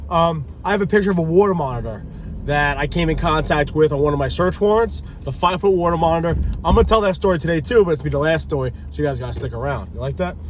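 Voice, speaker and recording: A man spins loose, rambling stories in a casual vlog, his voice sitting high for a man. He sounds tired and loopy and swears freely as he goes. Faint street noise hums behind him outdoors. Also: expressive, fast talker, low-quality recording. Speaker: reptile breeder and police officer telling stories.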